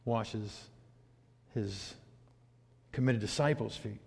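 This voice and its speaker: A man preaching a sermon, swinging from hushed, reflective asides to loud, emphatic points. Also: on the low side, slow, creaky, husky. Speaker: pastor. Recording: hall reverb.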